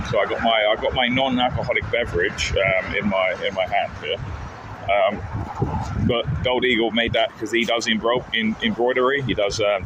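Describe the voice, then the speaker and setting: A man, live-streaming a casual, rambling story with jokes and lots of restarts. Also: fairly low pitch. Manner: rambling and jokey, with many restarts. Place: outdoors on town streets. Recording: outdoor street noise. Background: traffic and street ambience.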